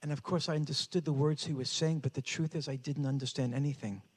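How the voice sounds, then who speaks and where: This older speaker's voice is a little high and husky, with a steady tone and a quick pace. Giving a talk in a hall with long reverb, he recounts something from his own life dramatically, building up to greater intensity.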